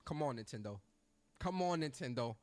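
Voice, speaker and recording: A man's voice: medium pitch, animated, moderate pace, darkish tone. A man ranting about a game console, repeating his points with emphatic, joking exaggeration. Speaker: video creator ranting about games. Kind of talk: animated rant commentary.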